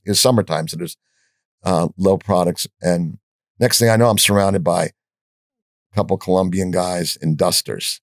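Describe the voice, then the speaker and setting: Older man telling gritty stories, low voice. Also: vocal fry, no echo, studio quality. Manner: animated storyteller, acts out quoted dialogue; profane, blunt. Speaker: podcast guest. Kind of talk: storytelling in an interview.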